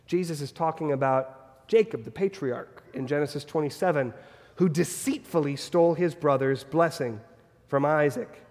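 A man's voice: on the high side, normal speed, darkish tone, long reverb tail. A man preaching a sermon as pastor, earnest and fond of repeated rhetorical questions.

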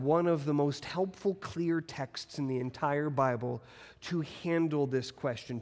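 A man preaching in a church with a fairly high voice that swings up and down as he presses each point. He slows down on the words he wants to land. His voice rings out with a long reverb that hangs in the room. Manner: expressive preaching with strong pitch swings and emphatic slowing. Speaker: pastor. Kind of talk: sermon. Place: church sanctuary.

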